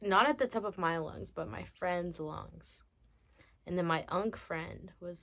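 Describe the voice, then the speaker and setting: A teen vlogger with a lowish, creaky, fairly bright voice chats her way through a story, stretching her words and using plenty of slang.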